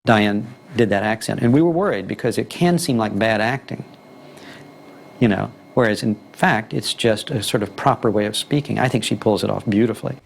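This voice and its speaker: Gravelly low-voiced man in an interview. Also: moderate pace, slight background noise. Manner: reflective, thoughtful explanation. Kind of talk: documentary interview.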